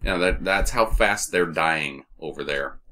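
A man's voice: extremely low pitch, a little slow, pushed and bright. A man co-hosting a movie podcast, recapping the plot in a rambling, profane way and laughing often. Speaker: podcast co-host. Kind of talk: casual movie-review banter.

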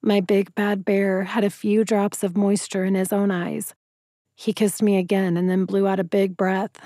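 A woman's voice: medium pitch, little pitch movement, normal speed, mellow, no room sound. A woman narrating a first-person romance audiobook in an emotive, intimate reading voice, close to the mic.

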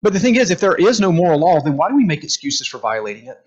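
A man leading a group class in a conversational lecture, animated, asking the room questions and acting out quotes. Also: fairly high pitch, quick pace. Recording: dull lo-fi room recording.

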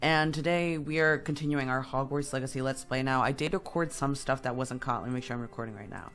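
A young adult let's-play gamer, slightly sick, talks fast in a mid-range, somewhat bright voice. His commentary over the gameplay is rambling and self-deprecating, full of fillers and sudden asides.

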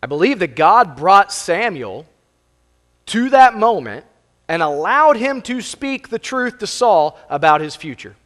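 Man preaching in church, kinda high voice, long echo in the hall, explains verses casually. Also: very animated, a little slow, fairly bright tone. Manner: explains scripture verse by verse, plain conversational preaching. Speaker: pastor. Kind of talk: sermon. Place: church sanctuary.

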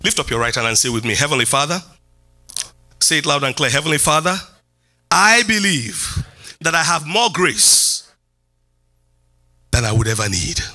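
Lively, bright-voiced preaching pastor man. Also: moderate pace, pauses often. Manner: preaching with sweeping pitch jumps and repeated phrases. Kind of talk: sermon. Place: church hall.

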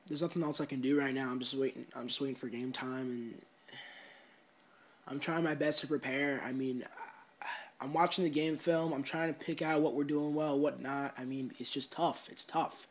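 A man's voice: mid-range voice, steady tone, normal speed. A young man and hockey player talking in a mock-serious vlog monologue, earnest and rambling, repeating words as he gets fired up.

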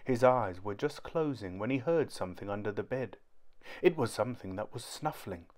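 A man reading a children's storybook aloud in a clear, even narrating voice. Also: on the low side, moderate pace. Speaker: storybook reader.

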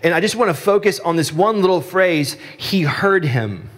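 A man from Texas preaching a sermon as pastor, telling stories in a conversational, animated way. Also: moderate pace, long reverb tail. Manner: conversational storytelling, animated rises in pitch. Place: church sanctuary.

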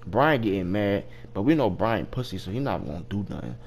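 A man's voice: lowish voice, sing-song, fairly quick, vocal fry, slight background noise. A young man spins a crude story from his old job in a loose, rambling way. He swears constantly, trips over restarts and keeps laughing at his own tale. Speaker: streamer telling a work story. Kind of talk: casual storytelling.

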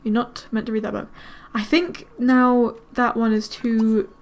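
A woman giving casual let's-play commentary, chatting to her game characters with quick excited exclamations. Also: fairly high pitch. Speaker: gaming video creator.

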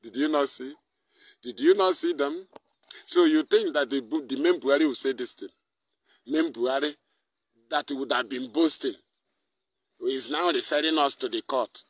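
A man's voice: mid-range voice, moderate pace, pauses often, husky, dry recording. A man with a Nigerian accent hosting a live online broadcast, mixing English with Igbo and firing off angry, mocking rhetorical questions. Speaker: activist broadcaster.

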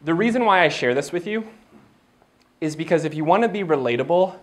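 This is a man with a fairly high, fairly quick voice giving a motivational keynote at a training event. He brings his stories to life, acting out the conversations and laughing frequently.

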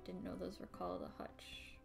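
A woman's voice: on the low side, moderate pace, gravelly, soft background music. A woman streamer chatting casually while playing through a game. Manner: curious, chatty asides. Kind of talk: live game playthrough commentary.

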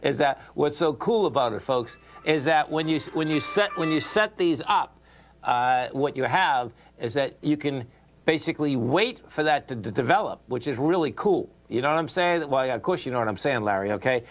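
Male radio host, Boston accent, a touch high-voiced, excitable, repetitive. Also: normal speed. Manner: excitable, repeats himself, talks straight to listeners. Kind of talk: financial radio talk.

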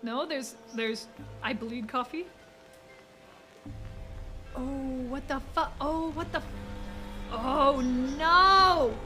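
A woman streaming a game live, excitable and talking to herself and the chat, laughing and swearing often. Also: high-pitched, takes it slowly, pauses often, faint music behind. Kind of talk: live gameplay commentary.

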